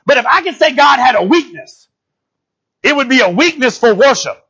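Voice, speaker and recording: A male pastor preaches in an animated, conversational way, often turning to the congregation to ask if they follow him. His voice sits unusually high for a man and has a husky edge. The recording sounds muffled and lo-fi. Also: moderate pace. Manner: animated, talks straight to the congregation, often asks "you know what I'm saying?". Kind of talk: conversational sermon.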